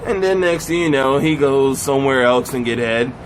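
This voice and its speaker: A man giving a blunt comic rant to camera, animated and emphatic, sitting in a car. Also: a little hiss or hum, low-quality recording. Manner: animated, swooping pitch, drawn-out emphatic phrases. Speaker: vlogger.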